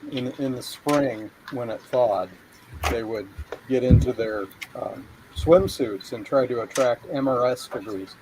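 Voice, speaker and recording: A man's voice: medium pitch, a little slow, a little mellow, slight background noise, poor audio. A man from northern Michigan chatting with friends, making dry wisecracks. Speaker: friend on the stream. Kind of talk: casual chat.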